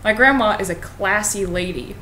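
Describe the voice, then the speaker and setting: A woman's voice: medium pitch, moderate pace, bright, forceful tone, slight background noise. A young woman, a college student, casually reading a fairy tale aloud with sarcastic, profane asides. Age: young adult.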